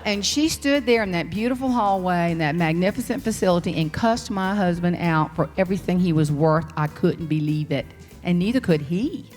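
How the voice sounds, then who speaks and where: A woman with a Southern US accent, a motivational speaker telling folksy, animated stories in a humorous keynote. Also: fairly low pitch, moderate pace, in a large hall, faint music behind. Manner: animated, folksy, slips into character voices. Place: large hall on stage.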